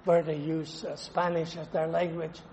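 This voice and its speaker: A man preaching a sermon, quoting scripture slowly and with emphasis. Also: a little high, flat delivery, darkish tone, big-room sound, slight background noise.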